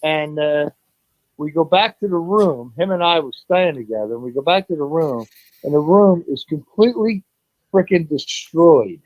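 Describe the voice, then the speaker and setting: A man calling in as a guest, stopping often to clear his throat as he tells his story. His slightly high voice comes over a dull, muffled line and sounds dry. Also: expressive, moderate pace, no room sound. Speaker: guest on call. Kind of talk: casual storytelling chat. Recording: dull, muffled phone call.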